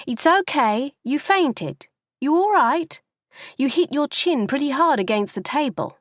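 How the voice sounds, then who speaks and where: A woman voicing an excited woman who chatters eagerly and reassures in a high voice. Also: a little slow, no room sound, studio quality.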